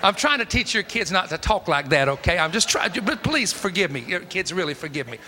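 Middle-aged Tennessee preacher, high bright voice, emphatic storytelling sermon in a reverberant sanctuary. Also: male voice, sing-song, brisk, a little hiss or hum. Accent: Tennessee Southern. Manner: folksy and emphatic, acts out dialogue. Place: church sanctuary. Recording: long hall reverb.

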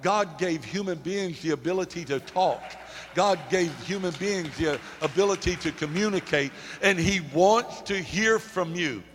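A man delivers a sermon in a slightly high voice, his words hanging in the long reverb of a church hall. He swings between loud, emphatic declarations and quiet, faltering asides full of repeated words. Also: measured pace, slight background noise. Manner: rising to emphatic peaks, dropping to quiet confessional asides; repeats words in false starts. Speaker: pastor.

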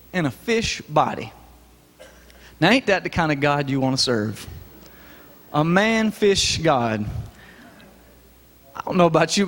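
Preacher, male; folksy and lively, pitched high, church reverb. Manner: lively, folksy, joking with the congregation. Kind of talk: sermon. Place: church sanctuary. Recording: echoey church hall.

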